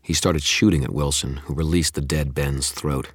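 Very deep, husky male narrator. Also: steady tone, moderate pace, no echo, studio quality. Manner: intense, dramatic first-person reading. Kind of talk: audiobook narration.

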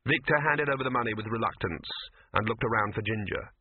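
A man narrating an audiobook in a measured, wry way, on a tinny, phone-like recording. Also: fairly low pitch, slight background noise.

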